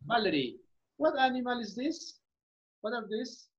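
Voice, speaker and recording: A woman's voice: on the high side, sing-song, moderate pace. A woman English teacher giving a class, repeating words and often asking "okay?" to check understanding. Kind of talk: online class instruction. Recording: muffled lo-fi audio.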